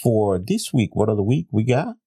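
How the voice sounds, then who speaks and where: A man's voice: lowish voice, big pitch swings, normal speed, warm tone, slightly rough, no echo, studio quality. A middle-aged man co-hosting a podcast in casual chat, swearing freely and laughing often. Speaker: podcast co-host.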